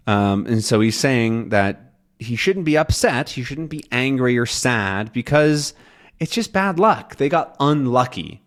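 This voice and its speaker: A young man teaching English, explaining a comic slowly and clearly, rephrasing as he goes. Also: mid-range voice, animated, a bit bright. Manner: slow, clear, repeats and rephrases.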